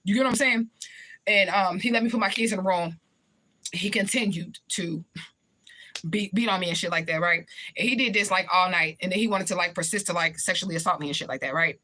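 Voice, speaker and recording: Woman, quick bright delivery, casual storyteller who swears and keeps checking in with the listener. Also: lowish voice. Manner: swears freely, repeats points for emphasis. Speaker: spiritual reader. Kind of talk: casual first-person storytelling.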